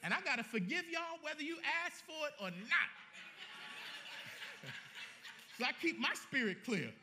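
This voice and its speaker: High, lively, bright-voiced preaching man. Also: measured pace, background noise. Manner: animated, colloquial, joking with the congregation. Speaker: pastor. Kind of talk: sermon.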